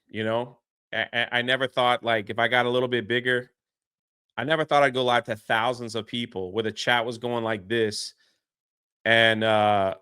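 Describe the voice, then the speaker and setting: A man telling a story as a podcast guest, excitable and quick to act out what others said. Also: mid-range voice, clean tone, dry recording, clean studio sound. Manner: excitable, swears mildly, acts out quotes. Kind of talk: animated storytelling.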